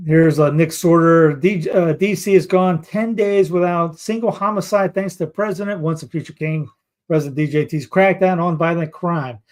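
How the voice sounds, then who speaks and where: Male host, casual headline commentary, rambling delivery, voice a touch high. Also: moderate pace, a little mellow. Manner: rambling, with restarts and asides. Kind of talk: casual news commentary, reading headlines aloud.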